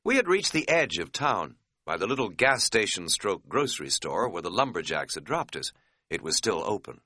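A man tells a first-person audiobook story with wry, measured delivery. His voice sits low yet sounds bright and rises and falls freely. The recording is close and dry. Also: very animated, dry recording. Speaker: audiobook narrator.

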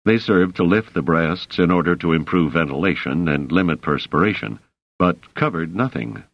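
Low-voiced guy reading an audiobook, measured, kinda dull lo-fi sound. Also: animated, vocal fry, dry recording. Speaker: audiobook narrator. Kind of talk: scripted narration.

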